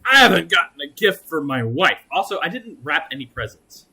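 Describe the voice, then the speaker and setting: A man's voice: a little high, sing-song, brisk, gravelly, bright, forceful tone, slightly rough. A young man mocking his own old stage play in crude, self-deprecating reaction commentary. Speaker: streamer reacting to an old video.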